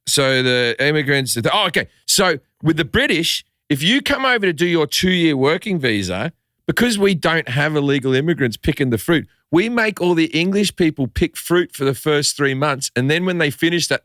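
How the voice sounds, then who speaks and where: Australian comic, middle-aged man, lively pitch, dry close mic, animated swearing storyteller. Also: moderate pace, dry recording. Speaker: comedian guest. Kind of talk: casual podcast chat.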